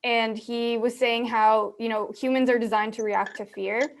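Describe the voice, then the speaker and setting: A woman's voice: fairly high pitch, flat delivery, normal speed. Woman podcast host, upbeat and fluent. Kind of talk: casual conversational interview.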